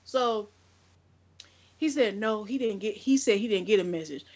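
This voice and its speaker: A woman's voice: mid-range voice, normal speed, a little mellow, muffled recording. Exasperated woman telling a profane rant. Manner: profane, exasperated, acts out both sides of phone calls. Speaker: podcast co-host. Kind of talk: casual storytelling rant.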